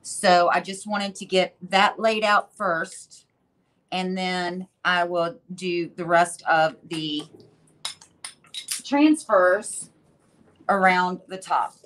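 Woman, live craft stream host, slow easy pace, chatty, talks through her work. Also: lowish voice, steady tone, a bit bright, a little hiss or hum. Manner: chatty, thinks aloud while working. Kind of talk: casual demo narration.

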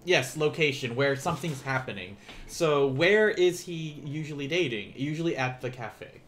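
A man's voice: on the high side, lively intonation, normal speed, fairly bright tone, slight background noise. A man teaching a beginner language class on a live stream, asking the chat questions and encouraging them to try.

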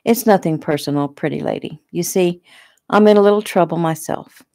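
A calm, coaxing male attacker who threatens in an even, quiet voice, voiced by a woman reading her own book. The voice sits low with a gravelly edge, and the audiobook sound is close and dry. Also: a little fast, dry recording, natural voice. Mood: cold coaxing. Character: menacing male attacker, soft-spoken and cold.

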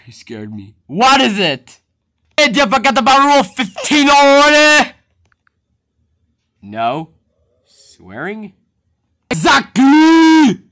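A fan animator voicing the bickering characters of a homemade object-show cartoon, jumping from sulky mutters to sudden loud yelling. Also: medium pitch.

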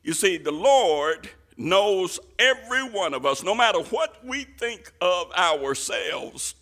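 High, bright-voiced impassioned male preacher. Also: lively intonation, takes it slowly. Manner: impassioned, rising to shouts. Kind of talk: sermon.

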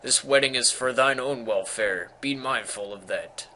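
A man's voice: mid-range voice, a little slow, slight background noise, low-quality recording. A man voicing a stern old king in a stage play, speaking in archaic, theatrical lines. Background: loud game music.

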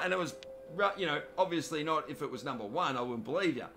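A man's voice: a little high, brisk, pushed and bright, faint music behind. An Australian man giving cheeky live commentary on a video game while joking with viewers by name. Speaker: gaming commentator.

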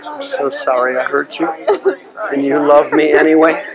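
A man leading a deliverance prayer, forceful and commanding, often shouting. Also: a little high, sing-song, normal speed, rough recording. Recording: crowd noise behind.

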